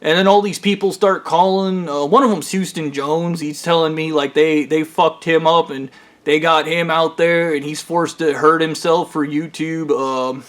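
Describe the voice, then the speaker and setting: A man's voice: a little high, steady tone, moderate pace, fairly bright tone. Rambling, profane man with a raised voice. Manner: profane, rambling, full of fillers and restarts. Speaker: storyteller recounting his own experiences. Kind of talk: rambling casual storytime monologue.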